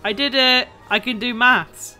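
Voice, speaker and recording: Excitable woman gamer. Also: on the high side, unhurried, faint music behind. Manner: excitable, laughing, swearing. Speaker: gaming video creator. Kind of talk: casual gameplay commentary.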